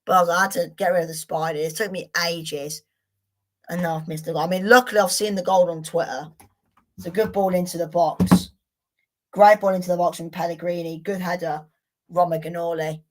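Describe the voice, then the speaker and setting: A woman's voice: on the low side, fairly even intonation, a little fast. A young woman hosting a live football watchalong, chatting to viewers in a frustrated, sweary way. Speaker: watchalong host.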